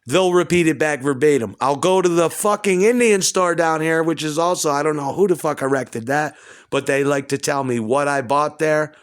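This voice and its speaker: A man at home delivering an agitated, profane, rambling rant. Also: a little high. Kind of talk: rambling monologue to camera. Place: at home indoors.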